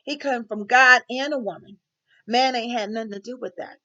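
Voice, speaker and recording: A woman's voice: a little high, normal speed, bright, forceful tone, dull audio, voice pushed up. A woman voicing a defiant woman orator who demands equal rights, declaiming emphatically.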